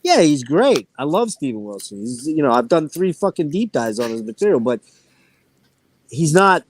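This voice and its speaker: A man hosting an online talk show, telling stories in an animated way and swearing freely. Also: a little high, moderate pace, slight background noise. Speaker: podcast host. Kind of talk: casual chat.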